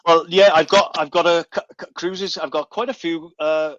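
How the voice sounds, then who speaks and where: Guest, middle-aged man, chatty raconteur who trips over his words; higher pitch, sounds dull and dry over a remote line. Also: moderate pace, no room sound. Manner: animated storyteller, stumbles and repeats words. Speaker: guest entertainer. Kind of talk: casual radio chat.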